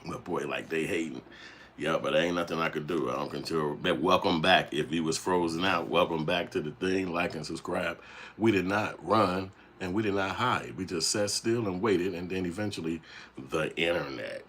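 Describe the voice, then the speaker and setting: A man hosting a casual livestream, talking with animated, profane energy and acting out the voices he quotes. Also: deep voice, normal speed, slight background noise. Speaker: channel host.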